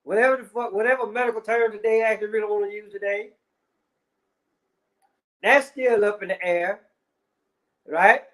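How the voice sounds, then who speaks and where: A man's voice: sits high, steady tone, moderate pace, pauses often, a bit bright. A man ranting in casual commentary, heavy on swearing and repeated fillers. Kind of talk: profane rant.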